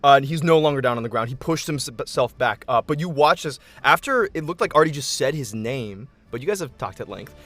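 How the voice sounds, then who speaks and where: A man's voice: medium pitch, expressive, a little fast, hardly any pauses, fairly bright tone, faint music behind. A man narrating a tabletop game as game master, descriptive and accommodating, often restarting his sentences.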